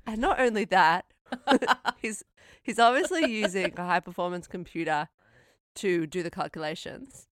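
A woman co-hosting a podcast, chatting casually about a film, laughing often and talking in an animated way. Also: mid-range voice, a little slow, no room sound, clean studio sound. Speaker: podcast co-host. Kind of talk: casual movie review chat.

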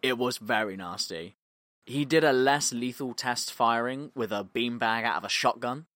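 Animated man retelling a story. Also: mid-range voice, normal speed, no room sound, studio quality. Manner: animated retelling, acts out quoted lines, laughs often. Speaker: podcast co-host. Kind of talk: casual storytelling chat.

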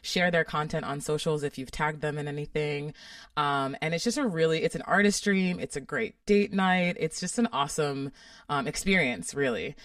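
A woman's voice: sits low, normal speed, fairly bright tone, dry recording, studio quality, recorded from a distance. A woman co-hosting a podcast in casual chat, bubbly and enthusiastic. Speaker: podcast co-host.

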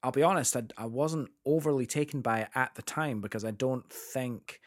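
A man's voice: mid-range voice, normal speed. A young man from England chats about theatre on a podcast. He talks eagerly and trips over his words as he goes, with a mid-range voice. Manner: enthusiastic, chatty, self-interrupting. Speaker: podcast co-host. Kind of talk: casual chat about a musical.

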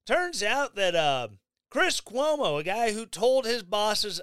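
A man giving sarcastic, mocking commentary on the news, with animated asides. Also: sits high, slow, clean tone, dry recording. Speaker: commentary vlogger.

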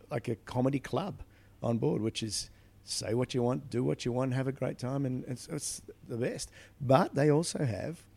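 Gravelly-voiced male comedian chatting. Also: mid-range voice. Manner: animated storytelling with frequent restarts. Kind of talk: casual chat.

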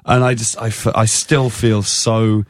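A man's voice: lowish voice, level tone, a little slow, dry recording. Englishman with a dry, close sound. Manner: rambling, sheepish storytelling with frequent restarts. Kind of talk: casual chat.

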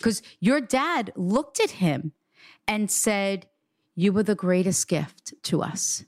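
A woman's voice: medium pitch, very animated, slow pace, no room sound, studio quality. A woman working as a psychic medium, giving an earnest, reassuring reading in conversation. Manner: earnest, reassuring, relays quotes in a raised voice.

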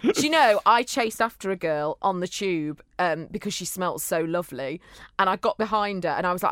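A woman co-hosting a casual chat, reacting quickly and teasing playfully. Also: mid-range voice, sing-song, a bit bright, no echo, studio quality. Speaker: co-host.

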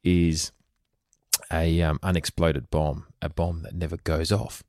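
Deep-voiced man, joking. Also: little pitch movement, measured pace, darkish tone, no echo, clean studio sound. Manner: joking, teasing. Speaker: podcast co-host. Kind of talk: casual chat. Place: bedroom. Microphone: headset mic.

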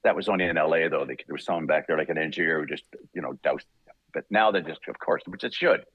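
A male voice actor being interviewed, telling animated, rambling stories and laughing often. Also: very deep voice, quick pace, slightly rough, no echo, lo-fi sound. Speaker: voice actor guest. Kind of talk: casual interview storytelling.

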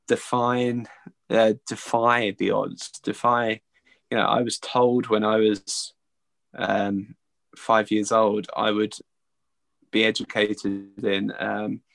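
A man answers interview questions about his work as an early educator, speaking earnestly and often restarting his sentences. His voice carries a gravelly, creaky texture, and it sounds dry and close with no room echo. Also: on the low side. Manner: earnest, halting, with many restarts.

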